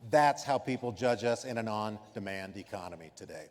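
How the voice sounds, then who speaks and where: A man's voice: fairly low pitch, animated, moderate pace, a little mellow, big-room sound. A man giving a motivational conference keynote in an emphatic, punchy way, acting out customer scenes. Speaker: keynote speaker. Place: conference stage.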